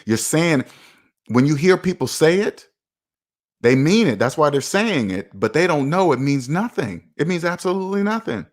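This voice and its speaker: A man's voice: a little high, sing-song, normal speed. A man giving a casual motivational monologue as a personal finance vlogger, repeating points for emphasis and speaking straight to his viewers. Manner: emphatic, repeats himself for effect; preachy, talks straight to viewers.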